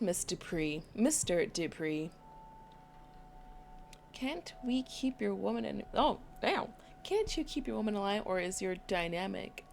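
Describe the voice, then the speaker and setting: A woman playing a story game, reading its dialogue aloud and adding quick comments of her own. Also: on the low side, gravelly, a little hiss or hum. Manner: reads dialogue aloud between quick asides. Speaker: game streamer.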